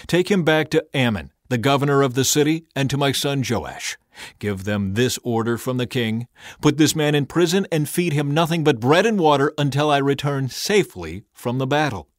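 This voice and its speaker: A man's voice: mid-range voice, normal speed, few pauses, no room sound, clean studio sound, natural voice. A man reading as an angry, impatient king. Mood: irritated.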